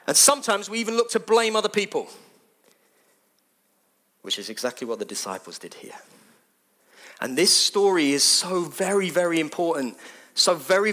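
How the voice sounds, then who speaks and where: A man preaching a sermon, speaking in a slightly high voice. He talks conversationally but with animated emphasis, repeating phrases to drive points home.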